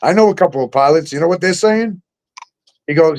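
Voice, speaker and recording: Profane ranting man, higher voice. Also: lively intonation, brisk, darkish tone. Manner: profane, incredulous, sarcastic ranting. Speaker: talk show host. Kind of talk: ranting conspiracy talk.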